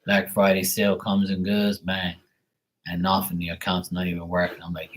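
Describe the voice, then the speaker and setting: A man with a slightly low voice, venting on a casual livestream. He curses freely and circles back to the same complaint again and again, irritated but talking straight to his viewers. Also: completely flat delivery, moderate pace, rough recording. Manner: irritated, profane, ranting. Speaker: livestream tarot reader.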